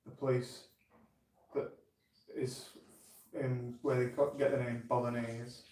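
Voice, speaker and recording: A man's voice: medium pitch, flat delivery, slow, dark tone, slight background noise. A man chatting casually from off camera, joining in on a live stream at home. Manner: casual, joins in from across the room. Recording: distant voice in an echoey room.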